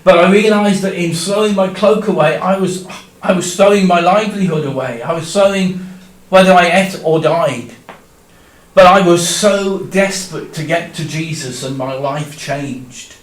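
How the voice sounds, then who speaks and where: Man doing a dramatic first-person bible monologue, goes from shouting to hushed, echoey church room. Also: high-pitched, normal speed, far from the mic. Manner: dramatic, swings from loud cries to hushed tones. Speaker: church storyteller.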